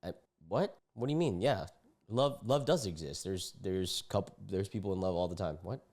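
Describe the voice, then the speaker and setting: A man's voice: low voice, normal speed, darkish tone. A young man streaming, reacting to online posts in casual, slangy commentary, often indignant.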